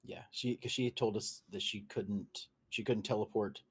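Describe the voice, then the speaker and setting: A man's voice: lowish voice, fairly even intonation, moderate pace, slightly rough. A man playing a tabletop game, talking in a hesitant, restarting way. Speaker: player. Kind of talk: casual chat at a tabletop game.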